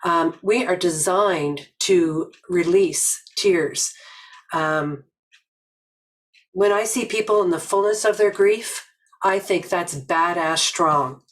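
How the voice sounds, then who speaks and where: An older woman from Nova Scotia giving a reflective webinar talk, telling stories slowly and earnestly with many pauses. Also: fairly low pitch, low-quality recording. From Nova Scotia, Canada. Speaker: webinar presenter.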